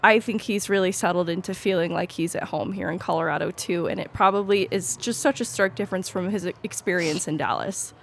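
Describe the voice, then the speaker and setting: A woman's voice: fairly low pitch, brisk, vocal fry, few pauses, a little hiss or hum. A woman reporter giving thoughtful analysis in a casual sports podcast.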